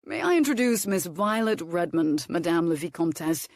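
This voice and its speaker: A woman reading a smooth, dryly amused earl. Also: on the low side, big pitch swings, moderate pace, darkish tone, no room sound, clean studio sound. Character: smooth, controlled English earl, a man.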